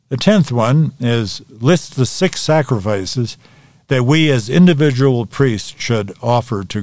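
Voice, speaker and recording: A man teaching a Bible study lesson, working methodically through review questions and answers in a measured way. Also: medium pitch, darkish tone, dry recording.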